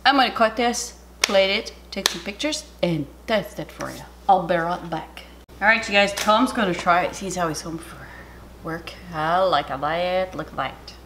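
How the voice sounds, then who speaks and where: A middle-aged woman with a Canadian accent, chatting excitedly through a cooking video at home and sometimes dropping to a whisper. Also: fairly low pitch, moderate pace. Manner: chatty and excitable, drops to a whisper over food. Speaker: cooking channel host. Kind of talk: casual cooking vlog chat. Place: home kitchen. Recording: noisy home recording.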